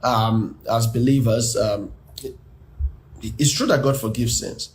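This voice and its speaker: A man's voice: mid-range voice, steady tone, unhurried. A man coaching on relationships during a live stream, earnest and preacher-like, reading scripture with rising emphasis.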